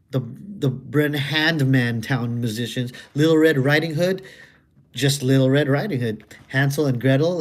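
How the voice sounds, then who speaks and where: A streamer casually working through a puzzle game, reading the text aloud and rambling with goofy, crude wordplay jokes. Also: medium pitch.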